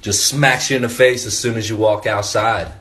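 A man's voice: lowish voice, fairly even intonation, normal speed, heavy background noise. A man comedian telling comic stories in a chatty, profane way, often turning to viewers with asides. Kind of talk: comic storytelling.

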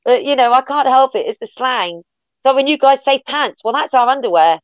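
A higher-pitched English woman chatting as a guest, blunt and loud with her swearing. The audio is dull and lo-fi, with a very dry sound. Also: a little fast, clear, resonant tone, no room sound. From England. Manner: blunt, heavy swearing, animated storytelling. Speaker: wrestling guest. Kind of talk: casual interview chat.

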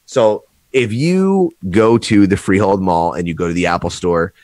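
A man's voice: low-pitched, moderate pace, dry recording. A young man, telling rowdy stories with lots of swearing in a casual chat. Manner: animated storyteller, swears a lot, acts out quotes loudly. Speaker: podcast guest.

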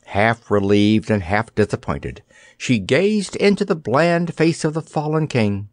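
Male storybook narrator, expressive, lively melody, dry close sound. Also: medium pitch, unhurried, dry recording. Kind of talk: audiobook narration.

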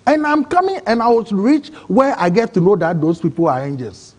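A man with a Ghanaian English accent, telling his own story in an interview, excitable and acting out other people's words. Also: sits high, moderate pace. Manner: excitable, acts out quoted voices, broken phrasing. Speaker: interview guest. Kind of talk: emotional personal storytelling.

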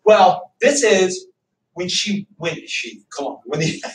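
A man teaching a history class, loud and animated, cracking jokes in a classroom. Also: high-pitched, measured pace, slight background noise. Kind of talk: classroom lecture. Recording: echoey classroom from far off.

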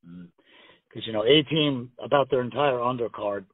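A man's voice: medium pitch, moderate pace, no echo. A man guesting on a call-in interview, telling rambling, profane stories full of acted-out quotes. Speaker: guest pro wrestler. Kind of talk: casual storytelling interview. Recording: tinny phone line, dry.

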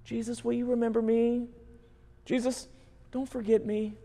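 A man's voice: very high voice, flat delivery, normal speed, dark tone, long reverb tail. A man voicing a repentant dying criminal who pleads earnestly. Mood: pleading.

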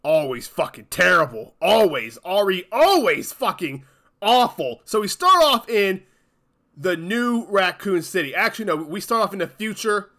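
High-voiced man in a profane rant. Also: big pitch swings, normal speed, pushed and bright. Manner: profane, exasperated, emphatic. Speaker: YouTube channel host. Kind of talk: angry ranting commentary.

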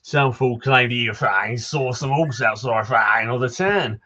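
A man voicing a gruff, swearing townsman from a game, his accent wandering as he reads. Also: mid-range voice, measured pace, pushed and bright, dull audio. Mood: grumbling. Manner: curses constantly, drifting between accents. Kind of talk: reading game dialogue aloud.

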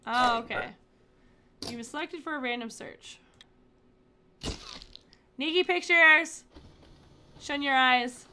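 A woman streaming games in casual chat, excitable and exclaiming often, on a desk microphone. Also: high-pitched, slow pace, long pauses, slight background noise. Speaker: game streamer. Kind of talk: casual gaming livestream chat.

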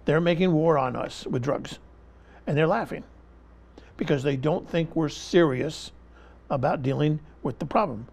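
His pitch leans high, his pace is moderate, and there's vocal fry in a somewhat mellow voice. As a guest in an interview, this man argues politics with passion and emphasis, returning to the same point again and again while pushing through interruptions.

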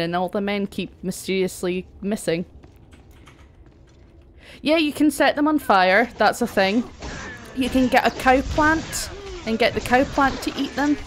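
A woman's voice: medium pitch, slight background noise. A young woman chatting casually while streaming a game, laughing often and swearing now and then. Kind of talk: casual chat while gaming.

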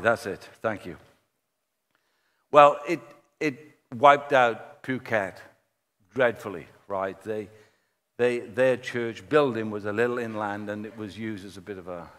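A man preaching a sermon, telling a story in a lively way and acting out the people he quotes. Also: on the low side, a little slow, pauses often. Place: church hall. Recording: long church-hall reverb.

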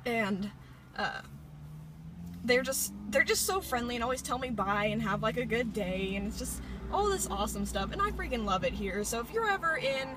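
A woman's voice: on the high side, sing-song, normal speed, noisy background. A woman in her late teens from Indiana, chatting in a rambling, bubbly way with a phone held at arm's length inside a parked car. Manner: rambling, bubbly, lots of filler words. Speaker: vlogger. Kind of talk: casual chatty vlog.

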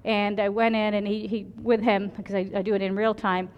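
A woman's voice: medium pitch, level tone, fairly quick, in a large hall, highs cut off. A woman emergency physician giving a conference lecture, telling stories from her work and often checking in with "right?". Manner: chatty, storytelling, keeps asking "right?".

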